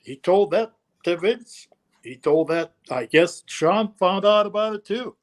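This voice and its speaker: An older man as an interview guest, telling a story in a relaxed, anecdotal way, acting out quotes and swearing now and then. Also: high-pitched, unhurried.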